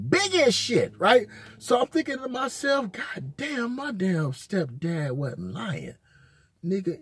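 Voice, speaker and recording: Man, casual storyteller, profane, slangy, husky voice, dry sound. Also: high voice, darkish tone, no room sound. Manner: profane, rambling, heavy slang. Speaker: channel host.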